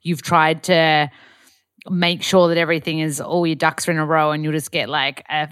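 A woman's voice: sits low, level tone, normal speed, a bit bright, clean tone, no echo, studio quality. A woman from Australia hosting a podcast, chatting casually and animatedly with lots of filler words. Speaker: podcast host.

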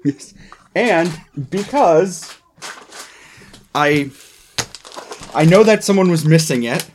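A man's voice: on the high side, lively intonation, slow pace, slight background noise. A man running a tabletop game as game master, chatting and joking, often trailing off with fillers. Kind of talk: casual tabletop game chat.

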